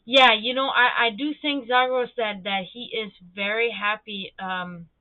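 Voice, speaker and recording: A high-voiced woman telling a story in loose, profane chat on her stream. She bounces between her own voice and the people she quotes, jumping far up in pitch for them. The sound is dry and thin, like a phone line. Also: unhurried, dry recording. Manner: animated, swearing, acts out quoted people with high jumps in pitch. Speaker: livestream host.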